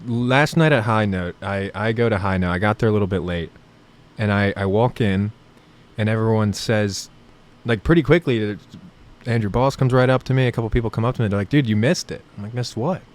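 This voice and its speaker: A man's voice: fairly low pitch, brisk. A young man, a comedian from New Jersey, rambling through stories with laughs in a casual podcast chat. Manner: rambling storytelling, self-deprecating, laughs often. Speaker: comedian guest.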